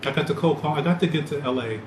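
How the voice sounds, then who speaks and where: A man hosting a podcast, rambling loosely in animated, slangy casual chat. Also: on the high side, fast talker. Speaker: podcast host. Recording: echoey room with loud ambient noise.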